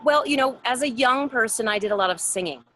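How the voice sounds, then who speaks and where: A woman voice actor, a guest on a video call interview, telling stories in a lively way and acting out the voices she quotes. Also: fairly high pitch, fast talker, a little hiss or hum. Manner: animated storyteller, acts out quoted voices. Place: home in a mountain town.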